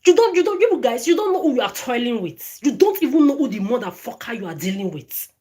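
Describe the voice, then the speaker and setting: A woman's voice: a little high, big pitch swings, brisk, warm tone. A woman ranting straight at her phone camera, swearing often, stammering and repeating words and phrases. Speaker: vlogger. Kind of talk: angry direct-to-camera rant.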